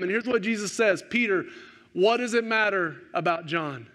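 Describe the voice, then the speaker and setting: A male pastor preaching a sermon, rising to animated questions and dropping to slow, hushed emphasis. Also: high-pitched.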